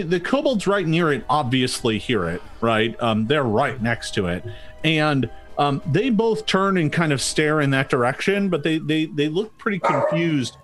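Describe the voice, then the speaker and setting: A man's voice: a little high, fairly bright tone. A man narrating as game master of a tabletop game, hesitant and full of restarts. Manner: hesitant, many ums and restarts.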